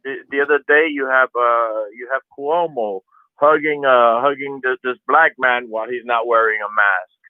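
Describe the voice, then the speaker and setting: A man's voice: mid-range voice, normal speed, dry recording. A man from Florida calling into a talk radio show, speaking emphatically and repeating words. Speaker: radio caller. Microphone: telephone. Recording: phone line.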